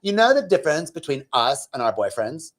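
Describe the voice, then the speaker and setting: A chatty, self-satisfied woman neighbor, as a man puts her on while telling a story. She gushes and shows off in a bright, overdone voice, each line pushed up with enthusiasm. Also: a little high, sing-song, brisk. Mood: gushing.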